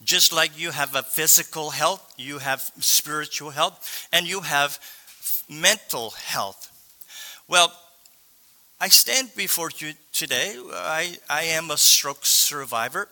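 A man, slightly sore-voiced, preaching as a guest speaker in halting speech with many pauses and restarts. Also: on the high side, pushed and bright. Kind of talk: sermon.

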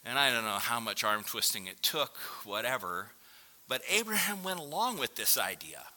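A man's voice: mid-range voice, very animated, normal speed, bright, forceful tone. A man preaching a sermon in a conversational way, acting out the voices of the people he quotes. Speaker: pastor.

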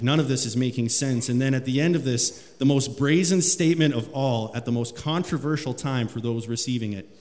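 Male pastor, mid-pitched voice, sermon in a church hall with long reverb. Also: a little mellow. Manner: rises in pitch and volume when reading scripture aloud. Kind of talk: sermon with scripture reading.

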